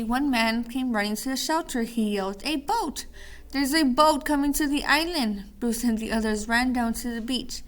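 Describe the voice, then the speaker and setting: A woman teacher running a call-and-response word drill, then reading a story aloud with small slips and restarts. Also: a little high.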